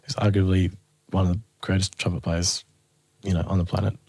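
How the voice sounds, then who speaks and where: A low-pitched Australian man speaks a little fast in a dry recording. He's a guest musician in a casual interview, telling a story with lots of laughter. He's an animated storyteller who acts out what people said.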